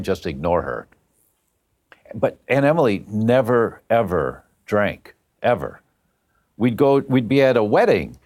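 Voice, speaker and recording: A man talking as an interview guest, telling a story and acting out the other voices in it. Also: lowish voice. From half Italian family. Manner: animated, acts out quoted voices. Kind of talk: conversational storytelling.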